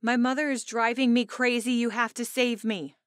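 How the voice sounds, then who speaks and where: Woman doing a high, exasperated bride-to-be. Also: moderate pace, no room sound, studio quality, natural voice. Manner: animated, exasperated, higher-pitched. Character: anxious excitable young bride-to-be woman. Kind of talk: audiobook character voice.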